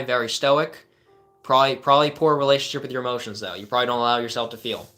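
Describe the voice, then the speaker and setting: Male life coach, mid-pitched, easygoing live-stream advice voice, faint music behind. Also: fairly even intonation, rapid-fire, bright, forceful tone. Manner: casual and earnest, frequent "like" fillers and restarts. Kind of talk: live advice stream reading chat questions.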